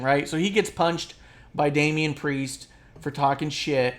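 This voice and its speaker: A podcast co-host in casual chat, rambling and swearing freely, with plenty of fillers and quick mocking asides. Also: medium pitch. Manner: rambling, profane, filler-heavy; drops into quick mocking impressions.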